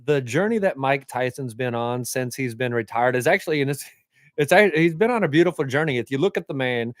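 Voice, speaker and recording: A man's voice: mid-range voice, animated, fairly quick, dry recording, clean studio sound. A man co-hosting a sports podcast, making his points in an earnest, argumentative way. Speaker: podcast co-host. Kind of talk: casual sports chat.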